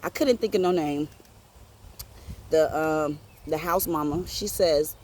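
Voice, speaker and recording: A woman telling a personal story on her podcast in an animated, profane, streetwise way. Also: low-pitched, takes it slowly, pauses often. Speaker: podcast host.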